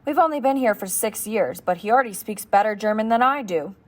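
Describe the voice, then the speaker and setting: A woman's voice: mid-range voice, expressive, a little fast, close to an everyday voice. A woman reading the part of a boy's father, a diplomat who praises his son genially. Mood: proud. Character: diplomatic Irish father, proud and careful.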